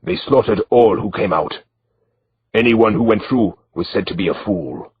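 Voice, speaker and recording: A man's voice: on the low side, moderate pace, breathy edge, highs cut off. A man reading the lines of a wry, guarded male guide who speaks with a broken accent, dry and matter-of-fact.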